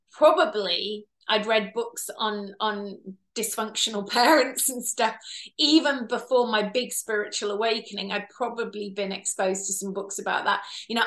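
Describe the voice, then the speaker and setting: A woman, a healer giving long interview answers and acting out parents and children as she explains. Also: mid-range voice. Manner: animated, acts out quoted parents and children. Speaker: past life regressionist and healer.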